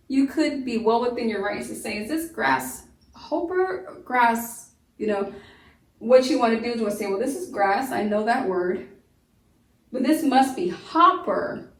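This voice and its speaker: Woman, phonics teacher, fairly high voice, slow sounded-out syllables, echoey room, a bit off-mic. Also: a little mellow, recorded from a distance. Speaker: homeschool teacher. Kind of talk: phonics lesson.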